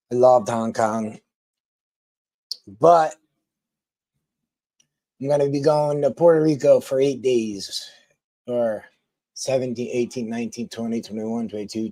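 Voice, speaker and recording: A man talks slowly and loosely to his live-stream viewers. His voice is mellow and dark, recorded close and dry, and he wanders through his thoughts with frequent ums and restarts. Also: medium pitch, dry recording. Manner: rambling, many ums and restarts.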